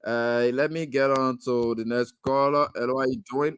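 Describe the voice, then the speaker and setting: A man's voice: medium pitch, fairly even intonation, moderate pace, clean tone, no room sound. A man hosting a radio call-in show, friendly as he takes callers and speaks up on issues.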